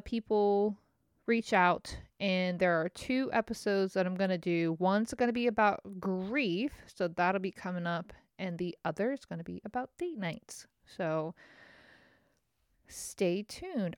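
A woman's voice: medium pitch, clear, resonant tone, no room sound, studio quality. Chatty rambling woman podcast host. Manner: rambling, chatty, self-mocking. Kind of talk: casual chat.

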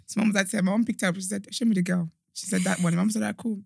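A woman co-hosting a podcast, chatting casually and reacting quickly. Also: mid-range voice, steady tone, vocal fry, darkish tone, a little hiss or hum. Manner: quick reactive interjections and laughter. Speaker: podcast co-host. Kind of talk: casual chat.

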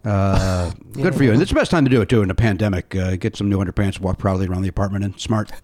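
A man's voice: low-pitched, quick pace. A man hosting a casual comedy podcast, telling stories in a playful, joking way. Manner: playful, jokey, animated storytelling. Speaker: podcast host.

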